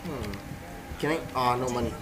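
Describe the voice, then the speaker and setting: A let's play host talks over game music in a rough recording, his mid-range voice moving at a normal speed. He gives casual, playful commentary as he plays, musing to himself and reading the game text aloud.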